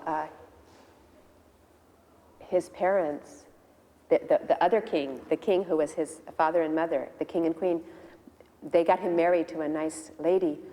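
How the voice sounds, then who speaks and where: An older woman recounting a personal memory in chatty storytelling, slipping into lively voices for the people she quotes. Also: fairly low pitch, in a large hall, rough recording. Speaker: devotee sharing memories.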